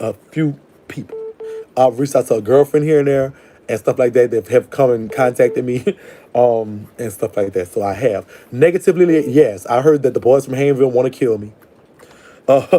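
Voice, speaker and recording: A man talks quickly in a mellow, dark tone. He rambles bluntly through stories and calls his callers "baby.". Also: medium pitch. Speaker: call-in show host. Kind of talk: casual live call-in chat.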